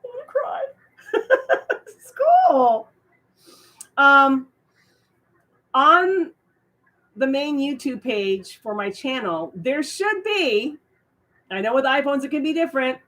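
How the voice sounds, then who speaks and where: Woman, middle-aged, live-stream host, casual chat, slow unhurried delivery, lively swooping pitch, excitable. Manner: excitable, squealing with surprise, trailing fillers.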